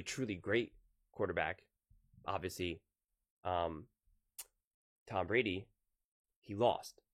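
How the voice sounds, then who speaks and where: A man's voice: fairly low pitch, a bit bright, no room sound, studio quality. A man giving a sports opinion monologue, arguing with rhetorical questions and rising to emphatic peaks.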